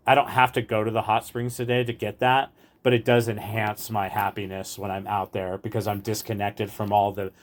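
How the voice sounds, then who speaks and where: A man sharing his personal recovery story in an earnest, rambling way, often saying "like" and "right". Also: lowish voice. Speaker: recovery meeting speaker.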